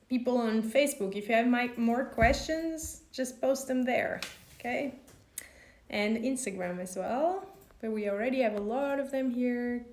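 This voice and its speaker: Slow, patient woman teaching on a live stream. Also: on the high side, reverberant. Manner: slow, patient, over-pronounces example words. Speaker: language teacher. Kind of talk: live-stream lesson answering viewer questions.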